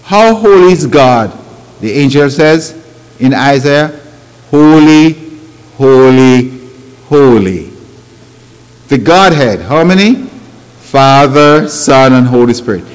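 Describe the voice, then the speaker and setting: A man delivers a sermon at an unhurried pace with a lively, swooping pitch that sits somewhat high for a man. He pushes his points with rhetorical questions and grammar. His voice rings with the long echo of a large hall. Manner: non-native grammar, emphatic rising phrases and rhetorical questions. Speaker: preacher.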